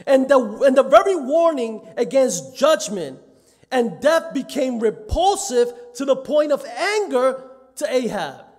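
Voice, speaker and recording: High-voiced man preaching in a reverberant church. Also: very animated, measured pace. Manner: emphatic, repeats phrases, acts out quoted voices. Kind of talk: sermon. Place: church sanctuary. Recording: church live stream with long reverb.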